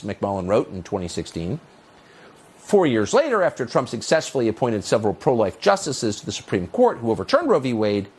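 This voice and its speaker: A man hosting a cable news opinion segment, delivering a mocking, sarcastic monologue. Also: husky. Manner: mocking, sarcastic, pitch leaping on jeers.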